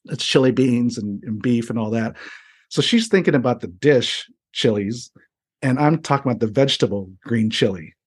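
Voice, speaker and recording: Husky man, casual guest, tells stories with lively retelling. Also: mid-range voice, moderate pace. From United States. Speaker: interview guest. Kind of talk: casual storytelling.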